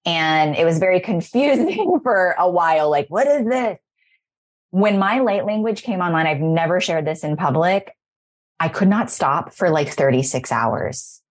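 A woman in her thirties hosts a podcast, talking about spiritual growth in an effusive, rambling, emotional way. Her fairly low voice has lively intonation and a moderate pace.

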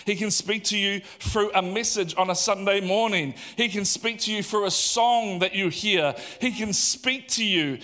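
A man preaching a sermon in an animated, conversational way, asking the audience questions. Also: high-pitched, normal speed, few pauses. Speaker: pastor.

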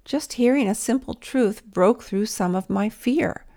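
Earnest gravelly-voiced woman giving a devotional. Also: on the high side, measured pace, warm tone. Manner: earnest, intimate, drops to a whisper at times. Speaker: Christian speaker. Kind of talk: devotional talk.

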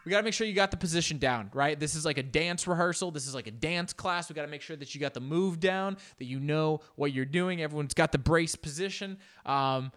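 A man's voice: brisk, hardly any pauses. A man reacting to a news clip in casual commentary, joking and jumping into exaggerated voices. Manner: animated, joking, jumps into exaggerated high-pitched voices. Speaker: reaction video host.

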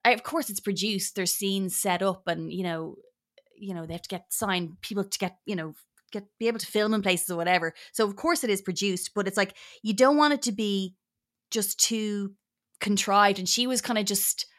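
Woman guest on a podcast, chatty and rambly, really bright voice. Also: mid-range voice, normal speed. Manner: rambling, animated, drops into mock voices. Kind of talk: casual chat.

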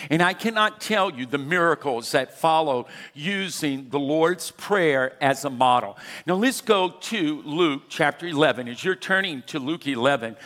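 A man's voice: a little high, fairly bright tone. A man in his sixties preaching a sermon as pastor, emphatic and urging his congregation to respond. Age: 60s. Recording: long hall reverb.

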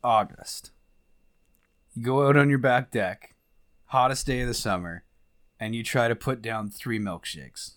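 A man's voice: medium pitch, a little slow, pauses often, fairly bright tone. A man co-hosting a casual podcast, teasing and joking, often trailing off into filler words. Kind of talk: casual chat.

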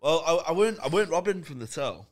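A man's voice: fairly high pitch, lively intonation. A man co-hosting a casual podcast, firing off teasing questions and jokes. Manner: quick teasing questions, joking. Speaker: podcast co-host.

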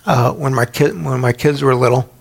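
A man's voice: medium pitch, steady tone, moderate pace, gravelly, slightly rough. A middle-aged man preaching a Bible teaching sermon in a conversational way, sometimes acting out quoted voices. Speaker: pastor.

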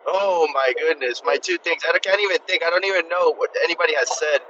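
A man's voice: on the high side, fast, muffled recording, noisy background. A man calling in to a podcast from his car, joking around and stumbling when put on the spot. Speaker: caller joining while driving. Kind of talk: casual podcast banter.

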